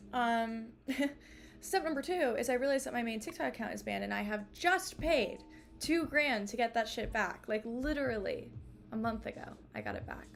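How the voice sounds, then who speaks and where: A streamer in her twenties vents to her chat in a casual live stream, rambling and exasperated, full of fillers and swearing. Her voice is fairly high with vocal fry, and faint music plays behind her.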